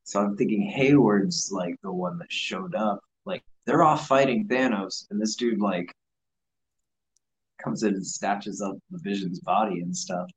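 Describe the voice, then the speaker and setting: A man's voice: on the low side, a little slow, a little hiss or hum, low-quality recording. A man talking casually about a TV series, loose and full of "like". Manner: relaxed, lots of "like" fillers. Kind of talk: casual chat about a TV show.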